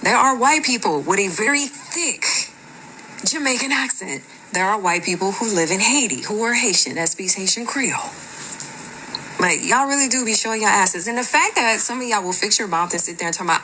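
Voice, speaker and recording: A woman's voice: mid-range voice, expressive, a little fast, bright, forceful tone, a little hiss or hum, poor audio. A woman hosting a reaction video, commenting in an exasperated, emphatic way and repeating her points for stress.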